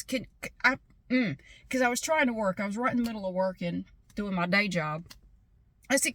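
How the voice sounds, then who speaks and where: A woman's voice: a little high, animated, brisk, a bit bright. A woman vlogging in a casual, candid way, swearing freely and acting out both sides of conversations as she tells a story. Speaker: vlogger and paralegal.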